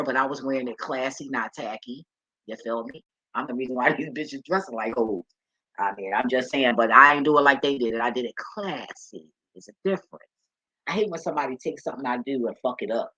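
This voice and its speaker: A woman vlogger with a bass voice that sounds pushed, bright, and husky talks casually to camera in a dry, lo-fi recording. She tells stories in blunt, profane street talk, often bursting into laughter and mimicking other people's voices in quoted asides.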